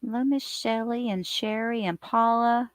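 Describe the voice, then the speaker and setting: A woman hosting a casual live stream, chatting and greeting her viewers by name in an animated way. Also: normal speed, no echo, clean studio sound. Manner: animated, lively swings in pitch and loudness.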